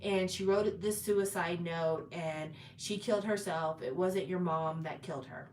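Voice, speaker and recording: A woman's voice: on the low side, measured pace, darkish tone. A woman retelling a drama's plot in a chatty, casual way, with fillers and restarts. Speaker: drama recap host. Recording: roomy echo, distant from mic, faint background noise.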